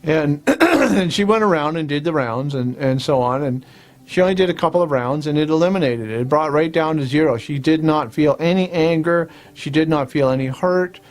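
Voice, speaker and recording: A man with a slightly high voice leads a guided tapping lesson. He moves steadily from point to point, repeating short affirmation phrases in a relaxed, plain-spoken manner. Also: brisk. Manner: repetitive instructional talk with affirmation phrases. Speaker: host and tapping practitioner.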